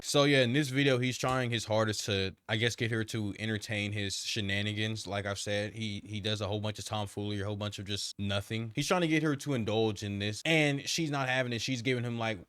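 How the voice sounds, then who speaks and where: A man's voice: on the low side, fairly quick, hardly any pauses, a bit bright, clean tone, dry recording. A man hosting a casual reaction video, rambling and mocking in slangy talk. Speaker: commentary host.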